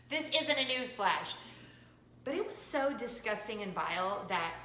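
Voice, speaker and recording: A woman in her forties hosts a casual chat show in a playfully dramatic, self-mocking way. Her voice is bright and crisp and swoops up and down. The room is echoey, with a faint hum behind her. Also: medium pitch, expressive, slow pace. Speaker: host of a weekly coffee talk show. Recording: roomy echo with faint room noise.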